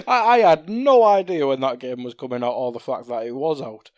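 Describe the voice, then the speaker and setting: A man's voice: a little high, expressive, a little fast, darkish tone, no room sound, studio quality. A man co-hosting a casual gaming podcast, chatty, laughing often and stumbling over words. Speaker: podcast co-host.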